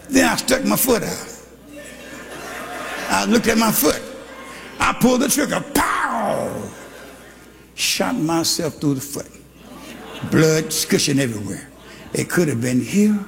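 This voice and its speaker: Older preacher man shouting n singing his sermon, high gravelly voice, big echoey church. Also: animated, slow, long pauses. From Texas. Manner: storytelling, call-and-response, shouting, singsong. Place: church hall. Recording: live in a reverberant church with congregation.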